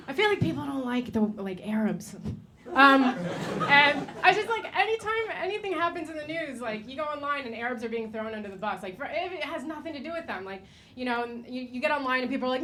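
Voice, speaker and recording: A woman's voice: high voice, lively intonation, fast talker, noisy background. A woman of Egyptian origin performing a casual stand-up comedy routine, swearing and telling stories. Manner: casual, swearing, storytelling with quoted voices. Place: comedy club stage.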